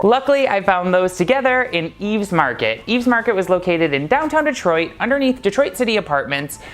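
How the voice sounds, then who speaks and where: Guy vlogging a story, talks loose with lots of "like", laughs a bunch. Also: high-pitched. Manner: chatty, laughs often, lots of "like". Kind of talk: casual storytelling.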